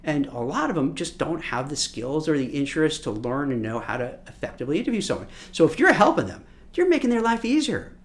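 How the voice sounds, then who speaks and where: Brief: man from Brooklyn, recruiter teaching interview tips, lively swooping delivery, slightly higher voice. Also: brisk, hardly any pauses, a little hiss or hum. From Brooklyn, New York. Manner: animated, repeats words, acts out quotes. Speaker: recruiter and career coach. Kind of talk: coaching masterclass talk.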